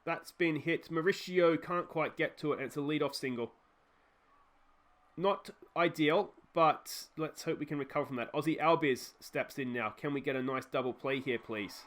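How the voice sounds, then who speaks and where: Calling the action of his own baseball management game, an Australian let's play host grows more excited as plays unfold and adds chatty side comments. He speaks at normal speed in a voice on the high side.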